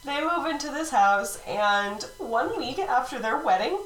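A woman's voice: high-pitched, animated, unhurried, a bit bright. A woman co-hosting a casual true-crime podcast, giggling often and losing her place in her notes. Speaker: podcast co-host. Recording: roomy, distant mic.

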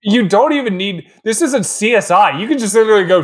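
A man's voice: high-pitched, expressive, brisk, husky. A man co-hosting a podcast, riffing with laughs and jokey impressions. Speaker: podcast co-host. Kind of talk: casual movie recap podcast.

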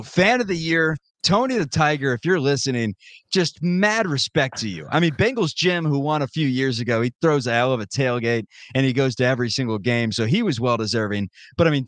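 A man in his thirties co-hosting a podcast, chatting about sports with joking, animated rants. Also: medium pitch, no room sound. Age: 30s. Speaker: podcast co-host. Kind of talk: casual sports chat.

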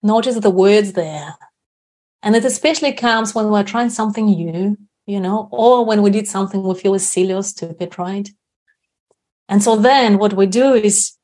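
A woman's voice: medium pitch, a little mellow. Woman guest explaining with frequent "right?". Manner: frequent tag questions like "right?". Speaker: guest speaker on inner confidence. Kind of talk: reflective explanatory talk.

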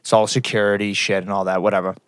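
A man's voice: fairly low pitch, flat delivery, fast talker, a bit bright, clean tone, no room sound, clean studio sound. A young man co-hosting a podcast, rambling through crude stories with lots of swearing and laughter. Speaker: podcast co-host. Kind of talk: casual crude chat.

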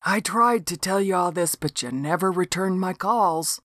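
A woman voicing a big, laid-back lawman who speaks in a slow, matter-of-fact drawl. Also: fairly low pitch, fairly bright tone, no echo, studio quality, natural voice.

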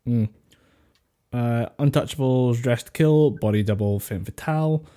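Speaking a little slowly in a dark, medium-pitched voice, this podcast co-host rambles over a voice call, often breaking into laughter and swearing offhandedly. He's picked up by either a call headset or a desk microphone.

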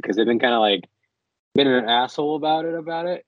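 A man's voice: medium pitch, a little fast, no room sound, lo-fi sound. A young man co-hosting a podcast in casual chat, rambling and laughing, often sliding into mock voices. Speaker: podcast co-host.

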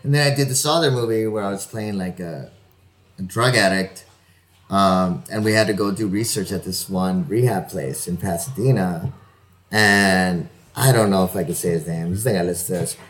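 A man's voice: low voice, moderate pace, a bit bright. A man telling loose stories over a video call, swearing often and laughing through them. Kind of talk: casual storytelling chat.

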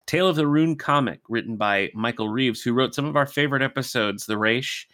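A man's voice: mid-range voice, a little fast, fairly bright tone. A man co-hosting a podcast in casual chat, sharing anecdotes and reading out production details. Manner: conversational, reads production facts. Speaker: podcast co-host.

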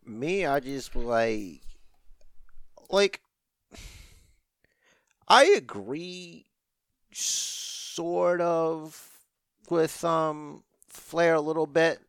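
A man's voice: on the high side, drawn-out words, creaky, pauses often, a bit bright, clean tone, no room sound, studio quality. A man co-hosting a podcast, talking casually with lots of slang and fillers. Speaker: podcast co-host. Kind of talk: casual chat.

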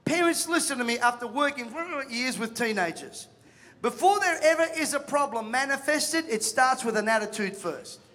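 A man preaches to a congregation, telling stories and acting out the people in them. His voice sits very high and rings bright and forceful. A long reverb from the hall trails his words. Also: normal speed. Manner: animated storytelling, acts out voices, jokes with the crowd. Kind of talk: sermon.

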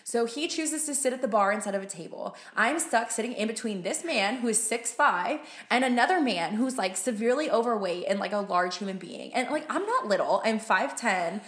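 A woman's voice: a little high, lively intonation, brisk, hardly any pauses, fairly bright tone. A young woman in casual chat, telling a story with lots of "like" and casual swearing. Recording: roomy echo.

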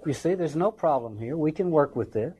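A man's voice: fairly high pitch, expressive, fairly quick, crowd noise, poor audio. A man giving an informal lecture on a play, talking wryly and acting out the quotations. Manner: conversational, wry, acts out quotations. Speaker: literature lecturer.

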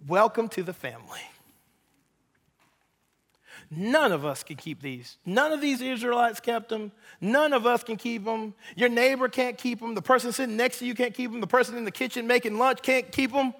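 A man preaching a sermon as pastor, in an animated way with casual asides. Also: very high voice, normal speed. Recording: echoey hall reverb.

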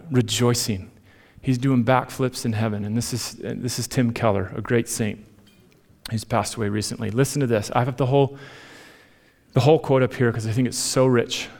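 A male pastor preaching a sermon, addressing the congregation with rhetorical questions and swinging between emphatic rises and soft, hushed passages. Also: mid-range voice.

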